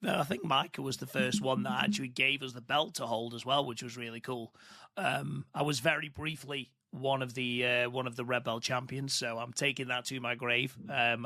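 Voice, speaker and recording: A man co-hosting a podcast, chatting casually in a relaxed, wry way. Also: mid-range voice, normal speed, gravelly, dry recording. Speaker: podcast co-host.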